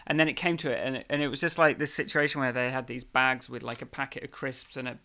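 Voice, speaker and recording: A man's voice: mid-range voice, flat delivery, quick pace, bright, forceful tone, slight background noise. A man co-hosting a podcast, talking casually in a rambling, hesitant way with many fillers and restarts. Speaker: podcast co-host. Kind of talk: casual conversation.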